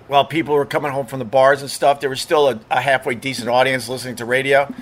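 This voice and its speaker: A man's voice: mid-range voice, flat delivery, fast talker. A middle-aged man, a former radio DJ, telling casual stories in a rambling, profane way, full of fillers and restarts. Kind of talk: casual storytelling monologue.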